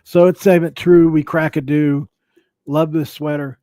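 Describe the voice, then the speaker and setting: A man's voice: on the high side, level tone, measured pace, mellow, no echo. Rambling male sports podcast host. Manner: rambling, restarts, jokey asides. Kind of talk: casual sports podcast commentary.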